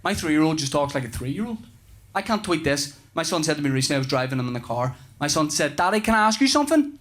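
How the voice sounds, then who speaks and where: A man in his thirties with a Northern Irish accent, doing a rambling, animated stand-up routine with swearing. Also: fairly high pitch, quick pace. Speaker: stand-up comedian. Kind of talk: stand-up comedy. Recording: live show with audience noise. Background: audience laughter.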